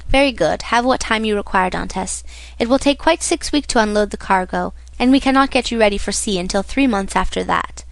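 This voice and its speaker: A woman's voice: mid-range voice, fairly quick, creaky, few pauses, dry recording, close to an everyday voice. A woman reading the part of a fatherly, encouraging older male shipowner in a storybook.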